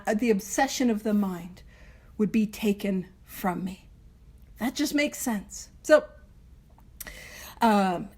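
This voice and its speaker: A woman hosting a recovery book study, talking to a group in an earnest, emphatic way, repeating key words and slipping in playful asides. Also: high voice. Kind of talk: informal group study talk.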